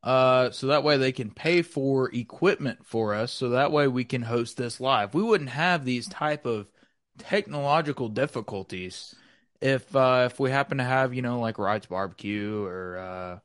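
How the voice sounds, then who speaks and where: A man hosts a loose, chatty show from his home over a video call. He rambles, with plenty of fillers, in a mid-pitched voice. The sound is dry, with no room echo. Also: measured pace. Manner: rambling, hesitant, many fillers. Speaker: host. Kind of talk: casual chat.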